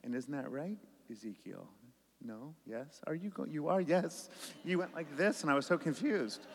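A man leading a children's message as pastor, asking gentle questions. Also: a little high, lively intonation, normal speed, a little hiss or hum. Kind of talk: children's sermon. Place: church sanctuary. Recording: long reverb of a church hall.

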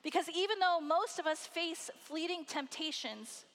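A woman's voice: very high-pitched, a bit bright. Woman preaching in an echoing hall. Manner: emphatic, with dramatic pauses and a wry aside. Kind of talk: sermon. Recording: hall reverb.

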